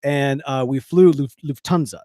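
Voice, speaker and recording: A man's voice: medium pitch, steady tone, normal speed, dark tone, no room sound, clean studio sound. A man co-hosting a pipe tobacco podcast, telling stories in a rambling, self-correcting way. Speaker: podcast co-host. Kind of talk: casual chat.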